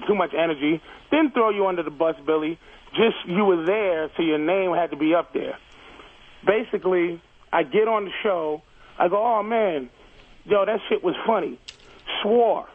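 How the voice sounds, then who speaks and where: A man comedian calling in to a radio show, insistently retelling his side with profanity in a heated argument, over a tinny phone line. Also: high voice. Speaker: comedian caller.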